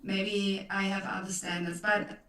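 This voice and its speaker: A woman with a German accent, speaking English as a second language, chats hesitantly as an interviewer with many pauses. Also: mid-range voice, little pitch movement, bright, forceful tone. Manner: hesitant, many ums and uhs. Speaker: interviewer, fan club member. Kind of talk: casual interview chat. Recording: echoey room, far from mic.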